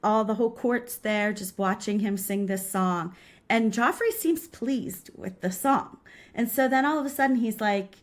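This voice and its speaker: A woman co-hosting a podcast, chatting casually about a TV episode with a wry, teasing manner, laughing at dark moments. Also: medium pitch, unhurried. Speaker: podcast co-host. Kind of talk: casual chat recapping a TV episode.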